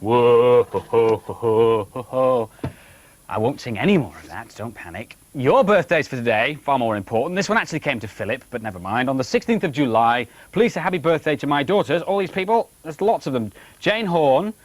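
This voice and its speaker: A man's voice: on the high side, big pitch swings, quick pace, dry recording. A man doing TV continuity announcing, chatty and jokey as he reads out viewer birthday messages.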